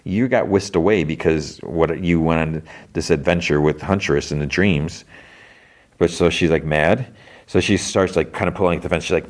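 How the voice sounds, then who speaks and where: A man's voice: low-pitched, normal speed. A man hosting a podcast, recapping a cartoon episode in a casual, rambling way with lots of filler words. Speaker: podcast host.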